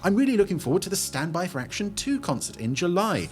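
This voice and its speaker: A man's voice: high voice, big pitch swings, fast talker, soft background music. A man co-hosting a podcast, chatting in an enthusiastic, playful way. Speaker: podcast co-host. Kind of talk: casual chat.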